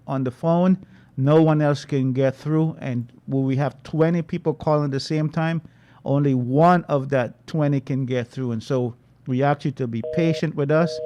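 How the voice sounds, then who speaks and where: A man hosts a call-in radio show, impassioned and preaching as he hammers phrases over and over. His voice sits a little high. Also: mellow. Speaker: radio talk show host.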